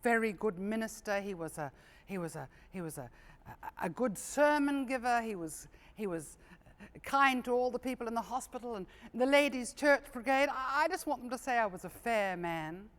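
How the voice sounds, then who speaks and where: A woman voicing a nervous older male minister who stammers and hesitates in a lower, quieter voice. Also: lively intonation, normal speed, close to an everyday voice. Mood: flustered. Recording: long hall reverb, live stage.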